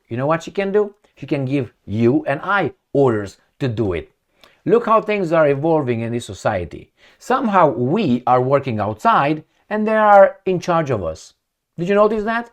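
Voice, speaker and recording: A man's voice: on the high side, sing-song, normal speed. A man giving an angry, profane, mocking political rant with many fillers. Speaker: commentary vlogger. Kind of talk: ranting political commentary.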